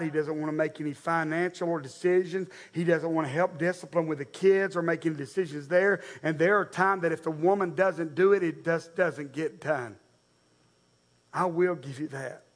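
A male pastor, delivering a sermon in a conversational, direct way. His voice sits notably high for a man. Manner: conversational, direct, addressing the congregation.

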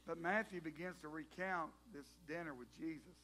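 A male pastor, preaching a sermon as an animated storyteller who jokes with the congregation. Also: fairly high pitch, moderate pace, a little hiss or hum.

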